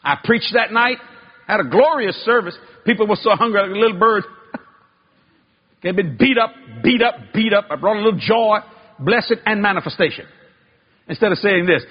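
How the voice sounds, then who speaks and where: Animated husky preacher man, high voice. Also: brisk, muffled recording. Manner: animated, swings between loud exclaiming and low hushed tones; folksy Southern-style speech with y'all and ain't. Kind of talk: sermon storytelling.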